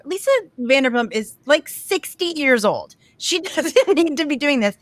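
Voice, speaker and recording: A woman co-hosting a podcast, telling a story in a lively, casual way and quoting other people as she goes. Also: a little high, normal speed, no echo. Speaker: podcast co-host. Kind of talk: casual chat.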